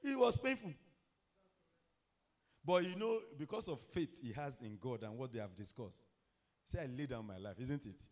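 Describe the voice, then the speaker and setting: A middle-aged man preaching a sermon, telling a story and asking the congregation questions, with sudden shouted peaks. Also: medium pitch, expressive, a little fast.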